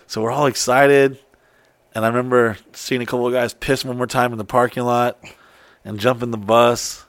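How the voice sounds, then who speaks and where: Profane excitable man telling a story. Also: medium pitch, normal speed, dry recording. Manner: profane, excitable, acts out quotes. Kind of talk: casual storytelling chat.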